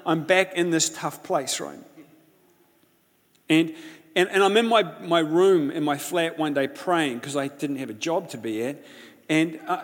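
Impassioned man preaching in a reverberant hall. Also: fairly high pitch. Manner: impassioned storytelling, swings from loud to hushed. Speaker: pastor. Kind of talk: sermon.

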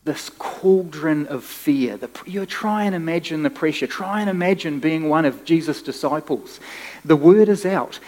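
A man preaching a sermon as pastor, animated and conversational, often restarting his phrases. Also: on the high side, normal speed, big-room sound.

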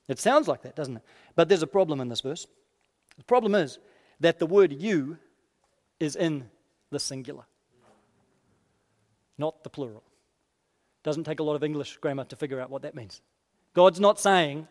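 A man preaching a sermon expressively, dropping quiet and low for quoted lines. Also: animated, moderate pace. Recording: long hall reverb.

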